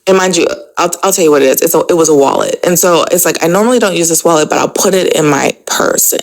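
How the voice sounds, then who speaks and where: A woman's voice: on the low side, quick pace, poor audio. A woman hosting a podcast, telling a personal story in a casual, chatty way, full of "like" and "you know". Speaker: podcast host.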